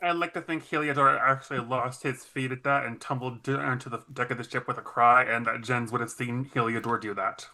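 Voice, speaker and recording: A man playing a tabletop game, narrating his character's actions in a measured way. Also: mid-range voice, fairly even intonation, sharp tone. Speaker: player.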